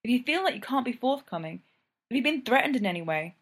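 A woman's voice: on the high side, sing-song, fast, voice pushed up. A woman reads as an eager young constable in a spoken storybook. He chooses his words carefully and defers politely to his superior officer. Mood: earnest. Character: earnest young male police constable.

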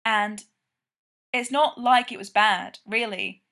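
A woman reads a story aloud in an easy, conversational way, as if telling it to a friend. Her voice sits at a middle pitch for a woman. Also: slow, bright, forceful tone. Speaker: reader. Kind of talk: fan fiction read aloud.

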